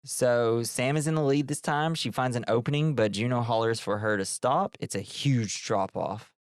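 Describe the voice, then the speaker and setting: A man's voice: mid-range voice, moderate pace, no room sound, studio quality. A man co-hosting a podcast, recapping a film in casual chat and acting out quotes. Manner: animated storytelling with put-on quote voices.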